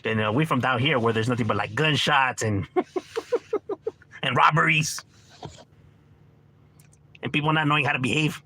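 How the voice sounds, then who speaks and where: A man's voice: mid-range voice, normal speed, long pauses, bright, forceful tone, slight background noise. A man from Los Angeles hosting a livestream, chatting casually with strangers in a laid-back, slangy, profane way, dropping Spanish words and laughing often.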